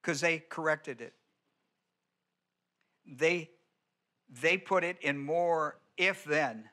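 A man's voice: fairly high pitch, very slow, sharp tone. A male pastor teaching an expository sermon, driving points home by repeating them and asking the congregation whether they follow. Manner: emphatic teaching, repeats key words, asks the congregation questions.

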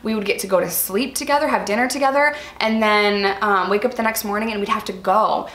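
A woman's voice: medium pitch, brisk, fairly bright tone. Earnest woman vlogger, roomy echo. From New York. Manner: earnest, chatty, addresses viewers as "you guys". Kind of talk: candid personal storytelling to viewers.

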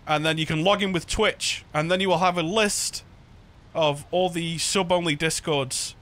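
A man's voice: a little high, fairly even intonation, moderate pace, fairly bright tone. A man in casual gaming banter, joking playfully with friends. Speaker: game streamer.

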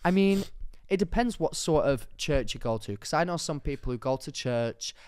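A young man co-hosting a podcast in casual chat, telling stories excitably with sudden loud bursts. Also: fairly high pitch, moderate pace, smooth, dry recording, clean studio sound. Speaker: podcast co-host. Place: podcast studio.

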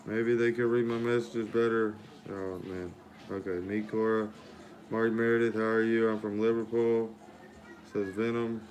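On a casual livestream, a male host with a lowish, fairly flat voice talks at a normal speed. There's a bit of background noise as he repeatedly greets and thanks viewers by name in an easygoing chat.

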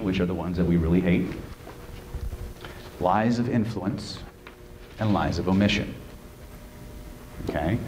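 A man presenting a live seminar to an audience, animated and joking, who keeps checking in with "right?". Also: lowish voice. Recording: roomy room with faint noise.

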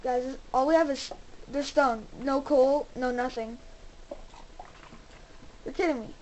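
A young woman hosting a gaming channel, giving casual commentary as she plays and talking excitedly to her viewers. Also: sits high, slow, slight background noise, low-quality recording. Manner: excitable, exclaims and talks to viewers.

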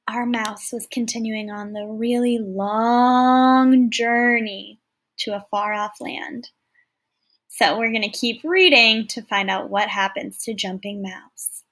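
A woman's voice: a little high, fairly bright tone. A woman teacher reading a folktale aloud to children, explaining words and asking questions as she goes. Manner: clear, explaining, often asks listeners questions. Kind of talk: read-aloud lesson for children.

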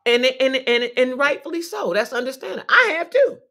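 A woman hosting a livestream, talking casually and preachily, sassy, laughing often between phrases and swinging from soft reflection to loud outbursts. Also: high-pitched, expressive, a little fast. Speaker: livestream host. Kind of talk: casual inspirational talk.

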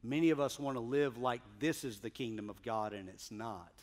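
A man preaching a sermon as pastor, emphatic, swinging from loud declarations to hushed asides. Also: medium pitch, moderate pace.

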